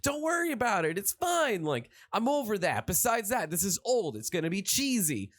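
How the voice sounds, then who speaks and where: A squeaky, excitable little cartoon raccoon guy, put on by a man. His voice jumps well above his natural pitch and comes out bright and eager. It sounds like a cartoon played for laughs. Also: normal speed, exaggerated voice. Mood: dismissive. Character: small jittery young male cartoon raccoon.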